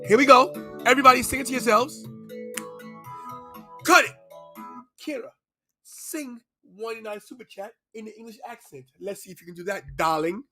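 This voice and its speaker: A loud, playful man hosting a live wrestling watch-along. His voice sits high and sounds bright and forceful, with faint music playing underneath. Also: moderate pace, long pauses. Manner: hyped, shouting and goofy sing-song bits. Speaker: podcast host.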